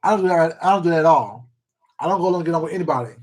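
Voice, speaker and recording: A man with a notably high voice for his sex, hosting an eating livestream. He rants bluntly, swears freely and hammers his points home through repetition, breaking off now and then to greet his viewers by name. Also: animated, very fast, darkish tone. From Washington State. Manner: blunt, profane and emphatic, repeats himself, greets viewers by name. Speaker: mukbang YouTuber. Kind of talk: casual live-stream rant while eating.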